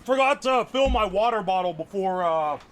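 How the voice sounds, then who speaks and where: A man streaming live, chatting casually, loud and profane, yelling nearly every phrase. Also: high-pitched, animated, moderate pace. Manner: brash and profane. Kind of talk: casual livestream chat.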